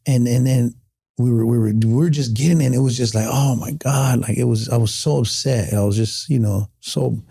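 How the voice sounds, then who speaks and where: A man's voice: mid-range voice, a little fast, vocal fry, warm tone, breathy edge. A middle-aged man. He is a podcast guest telling reflective stories in an earnest, heartfelt way, often stopping and restarting. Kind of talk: reflective storytelling in casual conversation.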